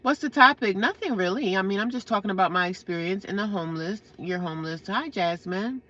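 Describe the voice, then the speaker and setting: A woman's voice: medium pitch, brisk, bright, forceful tone, lo-fi sound, slight background noise. A woman from New Jersey live-streaming, bluntly ranting at trolls and chatting casually with viewers.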